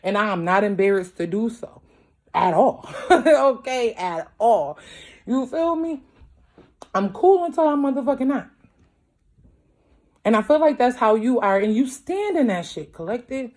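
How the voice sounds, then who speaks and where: A woman's voice: on the high side, lively intonation, normal speed, long pauses. A woman, a mother, giving a casual tarot reading at home late at night, talking bluntly with heavy swearing and constant check-ins with her viewers. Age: young adult to middle-aged, a mother. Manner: blunt, profane, emphatic, keeps asking "you feel me"; grows louder as she gets worked up. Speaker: tarot reader.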